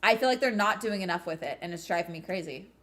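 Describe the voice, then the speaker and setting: A woman hosting a live watch-along, chatting casually and breaking into excited cheers and laughter. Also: fairly low pitch, quick pace. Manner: swears casually.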